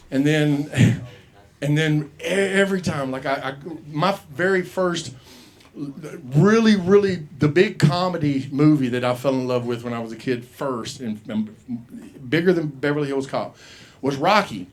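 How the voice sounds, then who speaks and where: A man's voice: on the high side, unhurried. A man hosting an open mic and doing a loose stand-up set, cursing freely and acting out voices in his stories, on a handheld mic in a comedy club. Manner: profane, rambling, acts out voices in quoted bits. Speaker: comedy show host.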